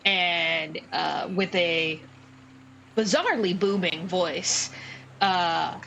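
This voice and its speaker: Brief: woman game master, slow, rambling narration, faint noise behind. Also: fairly low pitch, vocal fry, fairly bright tone, low-quality recording. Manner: unhurried, with many fillers and restarts.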